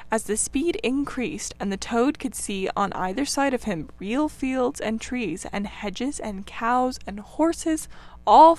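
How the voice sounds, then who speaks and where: A woman narrating a classic children's novel in an expressive, dramatic reading. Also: a little high, no echo. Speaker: audiobook narrator. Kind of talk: storybook narration.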